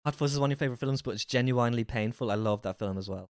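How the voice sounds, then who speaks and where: A man's voice: mid-range voice, very fast, soft background music. A man streaming a reaction to a video, riffing with incredulous, swearing commentary.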